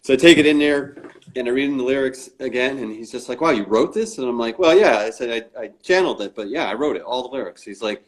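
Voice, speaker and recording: A man's voice: medium pitch, fast. A man as an interview guest, telling a story in casual chat. He acts out the quoted dialogue and often restarts and fills with "you know" and "uh". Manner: frequent restarts and fillers.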